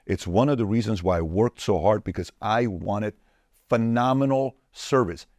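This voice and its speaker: Emphatic entrepreneur guest, low-pitched, dry close mic. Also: male voice, moderate pace, a little mellow, no echo. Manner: emphatic and repetitive, punchy lists. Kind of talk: podcast interview answers.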